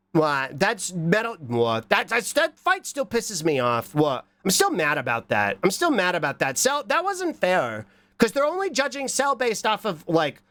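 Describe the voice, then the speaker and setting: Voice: medium pitch, fairly bright tone, no echo. A streamer with a stuffed-up nose from a cold, chatting casually and rambling while reading chat. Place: hot room indoors.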